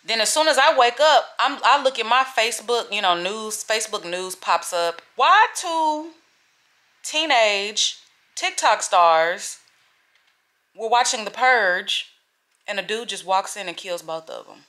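A woman's voice: medium pitch, animated, unhurried, bright, forceful tone. A woman in her thirties vlogging at home, chatting loosely and rambling. She swears freely and calls her viewers "y'all". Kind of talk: casual chat to camera.

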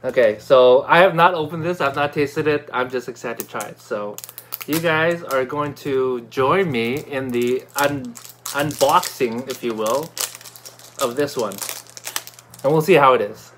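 A man chatting casually in a product review vlog, excitable and talkative, with many fillers and restarts. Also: medium pitch, a little slow, slight background noise.

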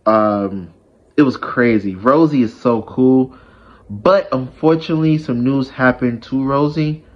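A man's voice: mid-range voice, measured pace, lo-fi sound. A man telling a personal story in a casual vlog, rambling with lots of fillers and restarts.

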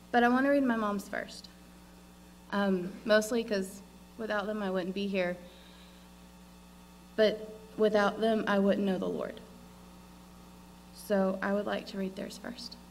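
A woman's voice: medium pitch, fairly even intonation, slow, long pauses, a little hiss or hum, rough recording. A young woman reading a written tribute aloud at a church funeral, earnest and holding back tears. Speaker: daughter giving a eulogy.

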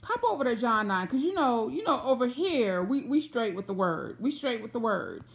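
A woman's voice: on the high side, normal speed, creaky, highs cut off. A woman from Atlanta with a Southern accent, preaching an informal prophetic word to camera and acting out the people in the story. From Atlanta, USA. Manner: animated, repeats phrases, acts out voices of people in the story.

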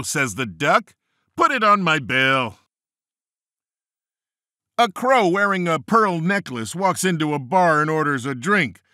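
A man narrates a joke book in a playful read, leaping higher for each quoted character. His voice is bright and lively, rising and falling widely, and he takes his time. The sound is dry and close, like a studio booth. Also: dry recording. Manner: playful, quick jumps up in pitch for quoted characters. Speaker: audiobook narrator. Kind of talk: reading a joke book aloud.

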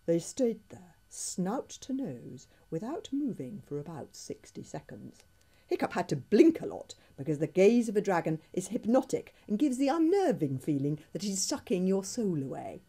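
A woman reads a children's storybook aloud with animated, expressive storytelling. Her pitch sits a little low but rises and falls very freely. The tone is mellow and slightly husky. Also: normal speed. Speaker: children's author.

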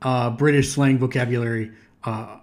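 A man's voice: medium pitch, fairly even intonation, moderate pace, darkish tone. Chatty American man, reaction host. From United States. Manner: chatty, restarts sentences, laughs easily. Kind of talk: casual reaction commentary.

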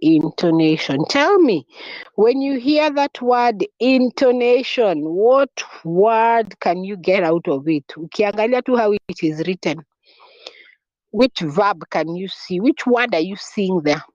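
Woman, classroom teacher, slow and patient, dry close sound, dull lo-fi recording. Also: medium pitch, lively intonation, darkish tone, no room sound. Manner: repeats key words, spells them out, quizzes the class. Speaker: French teacher. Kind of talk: classroom lesson.

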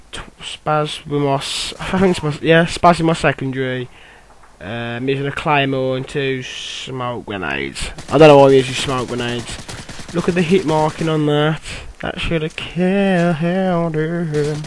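A man's voice: on the high side, a little hiss or hum, low-quality recording. Rambling young gamer guy. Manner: rambling, filler-heavy, bursts of excitement. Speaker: gameplay commentator. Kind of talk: casual game commentary.

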